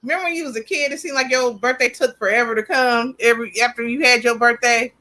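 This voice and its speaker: A woman co-hosting a casual chat show, lively and chatty, often laughing and teasing. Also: on the high side, fast, poor audio. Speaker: podcast co-host.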